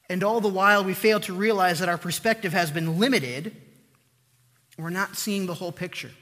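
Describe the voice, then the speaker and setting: Male preacher, high bright voice, earnest emphatic delivery, hall reverb. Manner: earnest, emphatic repetition with slow pauses. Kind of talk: sermon.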